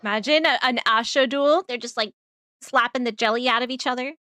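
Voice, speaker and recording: A woman streamer giving casual, chatty, excitable commentary over gameplay. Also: on the high side, a little fast, no room sound, clean studio sound. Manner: chatty, excitable, laughs often.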